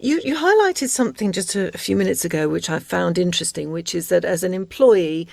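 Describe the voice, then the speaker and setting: Woman host, low gravelly voice, measured questioning, dry close mic. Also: animated, a little mellow, dry recording. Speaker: interviewer, host. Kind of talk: interview conversation.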